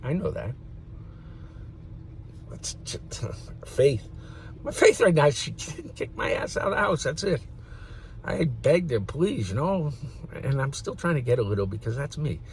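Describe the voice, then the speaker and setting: A vlogger in his fifties gives a rambling, casual monologue to camera, swearing freely and chuckling between thoughts. His medium-pitched voice has vocal fry, with slight background noise.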